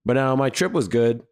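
A hoarse man hosting a podcast, telling stories in an animated, profane, casual monologue. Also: mid-range voice. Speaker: podcast host.

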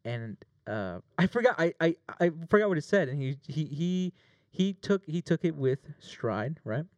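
A man with a fairly high voice speaks at a normal pace in a lo-fi recording with no echo. Playing the plaintiff in a mock trial, he tells a long, animated story full of jokes and swearing, in a casual courtroom-storytelling style.

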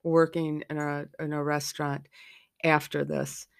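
A woman's voice: deep voice, level tone, measured pace, vocal fry, clear, resonant tone, no room sound, studio quality. A middle-aged woman hosting a podcast, talking frankly and candidly from her own experience. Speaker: podcast host. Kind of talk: candid personal podcast talk.

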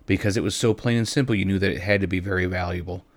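A man with a fairly low voice reads a story aloud, gentle and unhurried. At times he turns to his listeners directly. The sound is close and dry, with no room around it. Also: fairly even intonation, dry recording. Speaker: reader. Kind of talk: storytelling narration.

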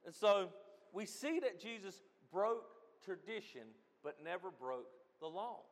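High-voiced man preaching in a hall. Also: a little slow. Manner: animated preaching, swings from loud to quiet. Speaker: pastor. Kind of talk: sermon. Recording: long reverb of a hall.

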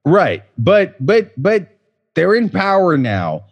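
A man's voice: sits high, huge pitch swings, takes it slowly, lo-fi sound. A man co-hosting a comedy podcast, drunk and slurring, cursing and stammering as he rambles through his points. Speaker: podcast co-host. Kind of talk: casual comedic podcast chat.

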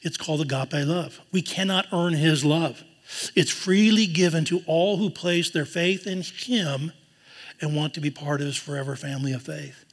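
A man preaching a sermon, earnest, dropping to a hushed voice when he quotes tender words. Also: a little high, steady tone, moderate pace. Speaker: pastor. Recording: long hall reverb.

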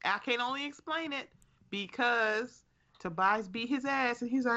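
Bright, sassy woman on a dull line. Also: a little high, a little slow. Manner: blunt, sassy. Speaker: guest co-host. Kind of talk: casual recap chat.

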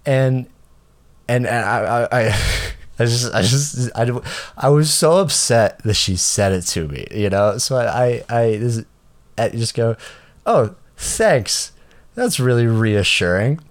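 A man's voice: mid-range voice, unhurried. A man telling a rambling story in casual chat, stammering and repeating words, his voice jumping up when he gets indignant. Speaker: traveler telling an airport story.

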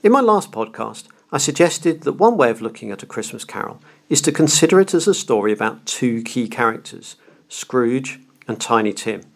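A man's voice: medium pitch, very animated, normal speed, gravelly. A man hosting a podcast, lecturing about a classic novel in an earnest, emphatic way. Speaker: podcast host.

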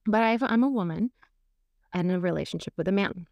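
A woman's voice: fairly low pitch, brisk, creaky, a little mellow, dry recording, muffled recording. A woman relationship coach talking frankly and candidly on a podcast, laughing often as she speaks.

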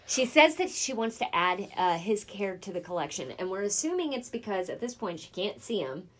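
A woman casually retelling a show's plot, relaxed, with frequent fillers and a steady string of yeps. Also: mid-range voice, brisk. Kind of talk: casual chat recapping a show.

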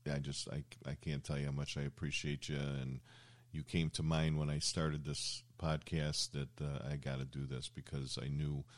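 Deep-voiced older man hosting, rambling. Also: level tone, normal speed. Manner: rambling, anecdotal storyteller with many fillers. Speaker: show host. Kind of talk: casual interview chat.

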